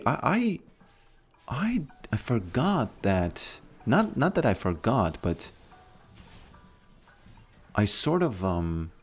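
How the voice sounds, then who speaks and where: A man with a very low voice talks through his game on a live stream. He thinks aloud in a relaxed way and often trips over his words before finishing a thought. Faint music plays underneath. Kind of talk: casual live-stream commentary.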